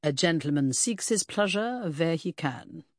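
A reader doing a haughty Prussian prince with a German accent. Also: male voice, on the high side, lively intonation, a little slow, no room sound, studio quality. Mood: disdainful. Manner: haughty, sneering, drawling. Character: arrogant, sneering Prussian prince, adult man.

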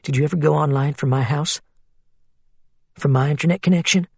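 A worried, skeptical woman questions and reasons in a level tone, as a male narrator voices her. The voice is husky. The recording is close and dry. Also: on the high side, fairly quick, dry recording. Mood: reasoning.

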